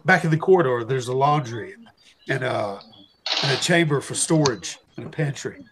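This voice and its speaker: A man describes scenes as he plays a tabletop game over a video call. He sounds relaxed, with a faint noise behind him. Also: medium pitch, moderate pace. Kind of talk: casual game chat.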